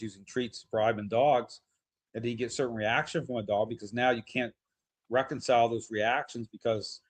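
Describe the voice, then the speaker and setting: Guy on a podcast explaining stuff, rambly, lots of um and you know, mid-pitch voice. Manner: explaining at length, many fillers and restarts. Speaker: podcast guest talking dog training. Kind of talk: conversational podcast talk.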